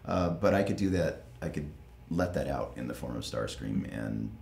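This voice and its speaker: Super deep gravelly guy chatting in an echoey room, bouncy playful delivery. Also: normal speed. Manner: playful, laughs often, lively swings in pitch. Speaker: voice actor guest. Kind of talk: casual interview chat. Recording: echoey room with faint ambient noise.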